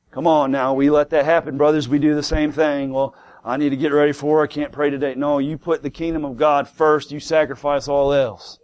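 A man's voice: a little high, darkish tone, highs cut off. A man preaching a sermon to a congregation in church, emphatic, asking rhetorical questions and repeating key words.

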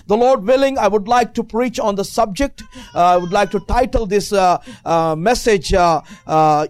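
A man with a non-native English accent and a high voice delivers a sermon. His speech is full of fillers, and he rises into shouted praise now and then. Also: moderate pace. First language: not English. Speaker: visiting preacher.

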